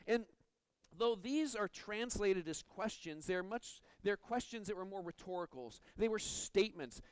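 Male pastor, higher voice, earnest preaching with restarts, dry close mic. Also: animated, measured pace, smooth, dry recording, low-quality recording. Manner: earnest, stumbles and repeats words. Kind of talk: sermon.

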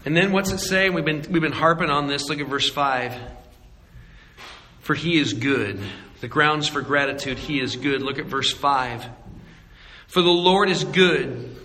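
Animated male preacher in a reverberant hall. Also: on the high side. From Arizona. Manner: animated, acts out voices and jokes. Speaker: pastor. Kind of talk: sermon.

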